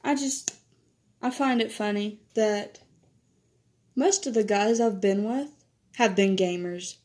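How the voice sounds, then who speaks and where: A woman's voice: slow, darkish tone, slight background noise. A teenage girl chatting casually in a vlog, telling stories while doing her makeup. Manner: chatty, laughs often, quotes others in higher voice. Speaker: vlogger.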